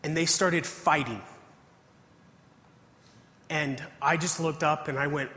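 A man's voice: fairly high pitch, fairly even intonation, takes it slowly, pauses often, pushed and bright. A man preaching a testimony sermon, telling his story earnestly and reading scripture aloud. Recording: hall reverb.

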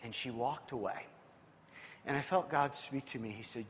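A man's voice: medium pitch, a little fast, slight background noise. A man preaching a sermon, telling a personal story in a conversational way with frequent restarts. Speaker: pastor. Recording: long hall reverb with soft guitar music.

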